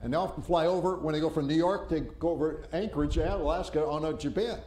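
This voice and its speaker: High-voiced preacher in an echoey church. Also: male voice, fast. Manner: animated storyteller who acts out panicked voices. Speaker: pastor. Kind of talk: sermon. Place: church sanctuary. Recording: roomy church echo.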